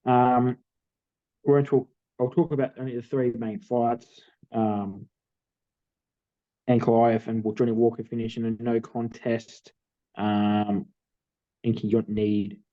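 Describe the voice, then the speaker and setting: A man's voice: medium pitch, unhurried, pauses often, no room sound. Australian man on a thin, phone-like line. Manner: relaxed storytelling, many fillers. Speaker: podcast co-host. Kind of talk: casual chat.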